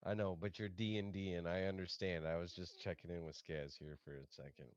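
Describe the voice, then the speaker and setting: A man's voice: sits low, steady tone, fairly quick, muffled recording, a little hiss or hum. A man who drops into a voice chat to catch up with a friend, talking in a laid-back, rambling way. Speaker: visiting friend. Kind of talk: casual chat.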